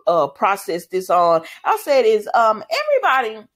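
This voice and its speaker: A woman's voice: mid-range voice, normal speed. A woman casually recapping a soap opera, laughing often and acting out the characters' lines. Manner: animated, laughing, acts out quoted lines.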